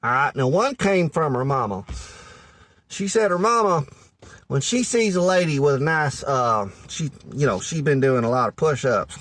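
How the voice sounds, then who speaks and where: A man's voice: a little high, animated, normal speed, fairly bright tone. A man doing a rambling Southern good ol' boy. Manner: rambling, folksy, full of "you know". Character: folksy Southern good ol' boy giving dating advice. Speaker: comedic character monologue. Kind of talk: rambling comedic monologue.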